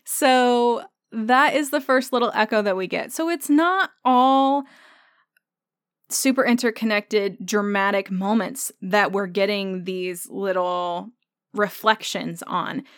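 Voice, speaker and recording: A woman hosting a solo podcast, talking through her thoughts in a relaxed, conversational way. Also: mid-range voice, slow pace, clear, resonant tone, dry recording, clean studio sound. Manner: thoughtful, conversational, thinking aloud with fillers. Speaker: podcast host. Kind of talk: solo podcast episode discussion.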